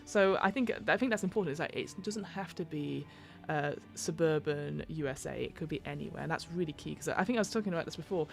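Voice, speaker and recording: Gravelly, low-voiced British woman. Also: quick pace, few pauses, soft background music. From United Kingdom. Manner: rambling, self-interrupting, tangents. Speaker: podcast host and game master. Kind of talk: reading a rulebook aloud with chatty asides.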